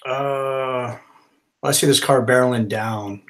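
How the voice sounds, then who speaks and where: A man playing a tabletop game, halting and repeating words as he reacts. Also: mid-range voice, steady tone. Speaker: player.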